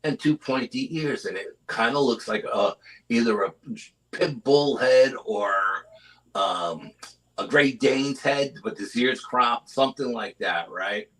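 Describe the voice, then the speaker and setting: A middle-aged man telling a story as a guest in a live interview, animated and often asking "you know?". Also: medium pitch, a little slow, poor audio. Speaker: guest, cryptid investigator.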